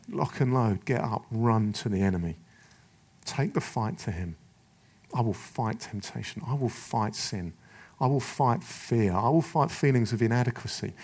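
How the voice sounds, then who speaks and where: In a rallying sermon aimed at men, a middle-aged preacher speaks forcefully and urgently, slipping into little voices to act out excuses. His voice is mid-range with a breathy edge.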